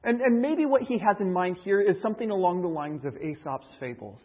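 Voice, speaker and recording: Man, preacher, Bible teaching, conversational, husky voice, high pitch. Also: expressive, brisk. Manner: conversational, explains by retelling a fable. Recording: tinny phone-like line.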